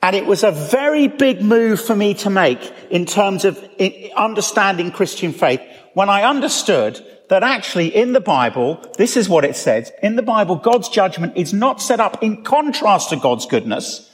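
A middle-aged man, a pastor, preaching a sermon with animated, self-deprecating storytelling. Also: sits high, normal speed, few pauses. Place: church. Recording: reverberant church hall.

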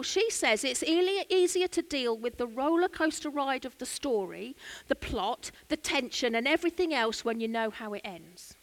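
Chatty English woman preaching, high voice. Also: fairly bright tone. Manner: chatty, storytelling, asides to the congregation. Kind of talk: sermon with personal story. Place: church.

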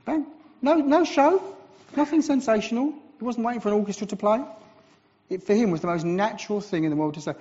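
A man from England, a visiting preacher, giving a sermon with animated storytelling and self-deprecating asides. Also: high-pitched, brisk. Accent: English. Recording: dull recording with long church reverb.

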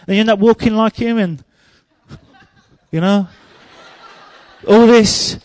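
A man preaching a sermon, telling humorous stories and growing loud and emphatic. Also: high-pitched, fairly even intonation, takes it slowly, pauses often, no echo.

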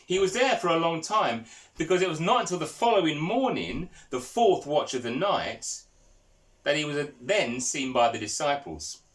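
A man's voice: fairly high pitch, big pitch swings, normal speed, a bit bright. A man preaching a sermon, telling stories and asking the congregation questions. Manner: storytelling, asks the listeners questions.

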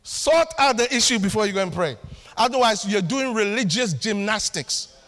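A man preaching a sermon to his church, animated and acting out little family scenes as he talks. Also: high-pitched, normal speed. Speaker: pastor. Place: church hall. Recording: long hall reverb.

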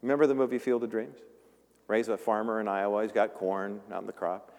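A man's voice: on the low side, little pitch movement, a little fast, darkish tone. A male pastor giving a conversational sermon, joking and acting out the voices in the story. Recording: long reverb of a large room.

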